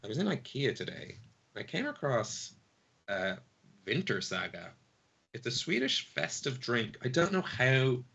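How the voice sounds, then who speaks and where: A man's voice: mid-range voice, very animated, measured pace, creaky, sharp tone, husky, dull audio. A man, playfully narrating as game master of a tabletop game. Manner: playful, rambling, laughs often.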